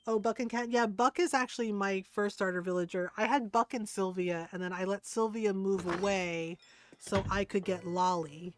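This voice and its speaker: A young woman hosting a relaxed game stream, chatting casually as she walks through her creations. She rambles a little, leaning on plenty of fillers, and her voice sits at a middle pitch. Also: normal speed, no room sound, studio quality.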